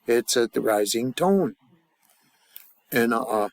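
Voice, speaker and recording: A man at a mid pitch leads a classroom lesson in a loose, casual way. He slows right down to drill phrases, then drifts into easy, rambling explanations. The sound is dry and close. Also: no echo. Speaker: language teacher.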